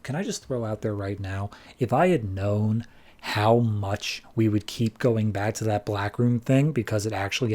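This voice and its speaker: A man's voice: medium pitch, mellow. A man casually recapping a comic book issue as a podcast host, loosely voicing characters as he retells the plot. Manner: chatty, paraphrases characters with loose quick voices.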